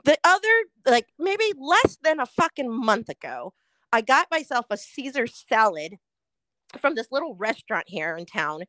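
A woman co-hosting a podcast, telling a fast food rant in casual chat, swearing freely and animated. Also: on the high side, no room sound. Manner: swears a lot, animated ranting storyteller. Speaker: podcast co-host.

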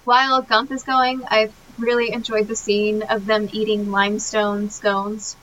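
A woman's voice: mid-range voice, measured pace, lo-fi sound, a little hiss or hum. A woman co-hosting a podcast, retelling a film scene by scene in casual chat with lots of fillers and laughs. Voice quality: animated, many fillers, laughs often. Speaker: podcast co-host.

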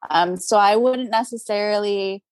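A woman's voice: mid-range voice, moderate pace, no echo. Chatty woman with a dry, close sound. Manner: chatty, upbeat, lots of "like" and "you know" fillers, frequent laughs. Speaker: guest, crystal seller. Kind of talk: casual interview chat.

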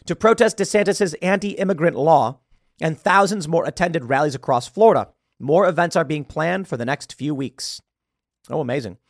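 A man's voice: a little high, normal speed, no echo. Brief: man, podcast host, sarcastic news commentary, dry recording. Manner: sarcastic, stumbles over words. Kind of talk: political commentary, reading news aloud.

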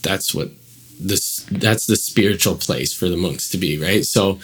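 A man's voice: low voice, measured pace, fairly bright tone, slightly rough. A man casually telling a personal story as a guest, rambling with many fillers and acting out quoted dialogue.

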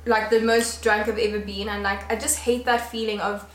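A young woman, a podcast co-host recounting stories in a chatty, expressive way. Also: mid-range voice, moderate pace. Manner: chatty, expressive reactions, frequent "literally". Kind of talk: casual conversational chat. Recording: echoey room.

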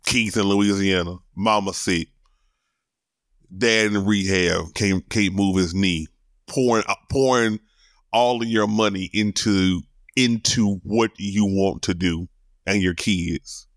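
A middle-aged man hosts his own solo podcast in a low-ish voice with fairly even intonation, taking it slowly. Speaking candidly and emotionally, he curses casually and repeats words as he builds his point, recorded with clean studio sound and no echo.

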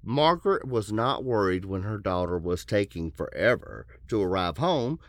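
Male podcast host, deep voice, casual true-crime narrator who jokes between passages. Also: sing-song, moderate pace, no room sound, clean studio sound. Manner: joking asides, puts on silly voices for quotes. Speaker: podcast host telling a case.

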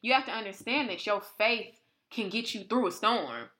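Animated woman with a bright voice. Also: fairly high pitch, moderate pace. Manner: animated, conversational, acts out quotes. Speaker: podcast co-host. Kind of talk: casual faith chat.

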